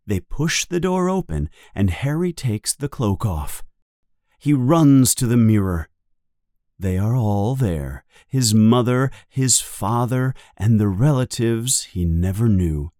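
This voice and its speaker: A man narrating a children's story in a slow, deliberate, expressive way. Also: lowish voice, dry recording, studio quality. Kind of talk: storybook reading.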